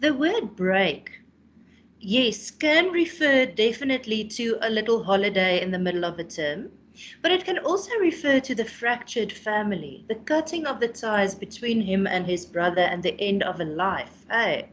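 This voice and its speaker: A woman's voice: medium pitch, expressive, moderate pace, fairly bright tone, dull audio, a little hiss or hum. A South African woman teaching a class online, explaining a poem and often ending with "hey?".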